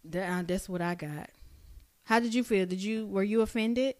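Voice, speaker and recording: A woman's voice: mid-range voice, moderate pace, dry recording. A young woman co-hosting a podcast in casual, joking chat, full of slang, acting out quotes. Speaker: podcast co-host.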